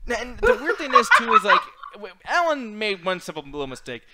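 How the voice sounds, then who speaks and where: A man's voice: high-pitched, wildly swooping pitch, fairly quick, heavy background noise. A man co-hosting a casual online chat show, swearing freely and laughing often. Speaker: co-host.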